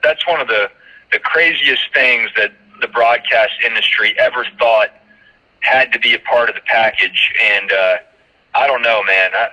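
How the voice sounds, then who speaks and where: A man from Georgia with a light Southern accent, talking animatedly as a broadcaster guest in a casual interview. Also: mid-range voice. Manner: animated, emphatic, storytelling with quoted voices. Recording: muffled lo-fi phone-like line.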